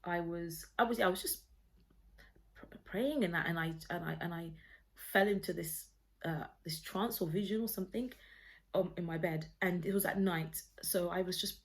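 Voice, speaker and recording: A woman's voice: on the low side, normal speed. A woman sits at home recording herself on a phone, telling a faith story straight to camera. She speaks earnestly and rambles, often stopping and restarting mid-sentence. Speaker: vlogger sharing a personal testimony.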